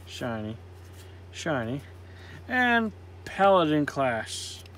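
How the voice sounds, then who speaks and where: A man of medium pitch and fairly bright tone goes through trading card packs, calling out every card. He keeps up a casual patter with self-mocking jokes, and a little hiss or hum sits under the audio.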